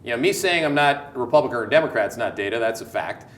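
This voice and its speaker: A man's voice: mid-range voice, very fast. Emphatic Canadian man in an echoey room. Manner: animated, emphatic, jokey, repeats words. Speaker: host. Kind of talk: market commentary on a live show.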